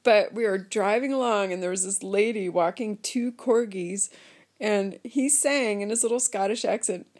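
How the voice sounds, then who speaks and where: A woman's voice: medium pitch, moderate pace, a little mellow. A woman co-hosting a casual podcast, telling rambling stories with lots of laughter and sing-song voices. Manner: giggly, rambling storyteller with sing-song impressions. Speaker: podcast co-host. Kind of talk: casual chat. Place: remote call recording, heard over a link.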